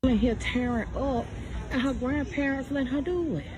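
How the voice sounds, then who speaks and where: A woman exclaiming to her viewers while she films a phone video, loud and exasperated. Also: sits high, normal speed, background noise.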